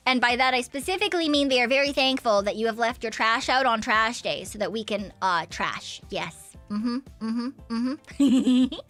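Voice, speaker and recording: A woman's voice: on the high side, a bit bright. A woman streamer chatting casually during a game stream, playful and giggly, with lots of little mm-hmms and repeated yeses.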